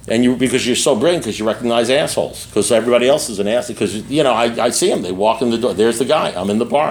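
An older man speaking candidly to a recovery meeting, blunt and profane, repeating himself and often checking in with his listeners. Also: mid-range voice. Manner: blunt, repetitive and profane, with frequent asides to the listeners. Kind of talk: candid personal talk to an audience.

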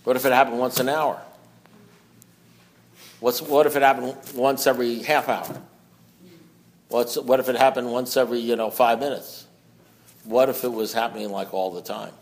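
A man addresses a recovery meeting, reading from a book and then riffing on it in plain, folksy talk. His voice sits a little high for a man. He leans on repetition and emphasis to drive each point home. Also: a little mellow. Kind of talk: speaking at a twelve-step meeting.

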